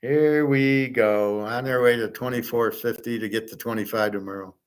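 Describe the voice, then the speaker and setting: A man's voice: medium pitch, steady tone, moderate pace. A man hosting a casual livestream, answering viewers' chat questions in a blunt, opinionated, rambling way.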